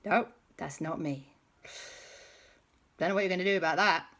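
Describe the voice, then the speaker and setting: A woman voicing a groggy male friend woken in the middle of the night, talking high and exclaiming in a storybook. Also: moderate pace, fairly bright tone. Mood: flustered. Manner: high-pitched, exclaiming, then flustered denials.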